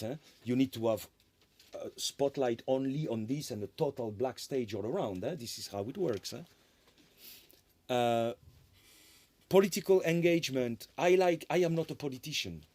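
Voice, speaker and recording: A man giving a conference lecture as a composer, talking in an animated way, often tagging sentences with "eh?" and restarting phrases. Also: medium pitch, no echo. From France. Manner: animated, tag questions "eh?", frequent restarts.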